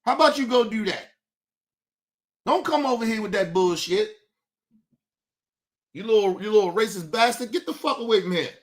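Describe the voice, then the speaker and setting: A man's voice: sits high, lively intonation, normal speed, long pauses. A male streamer hosting his show, ranting in a profane, combative and taunting way. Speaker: host. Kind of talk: livestream commentary rant.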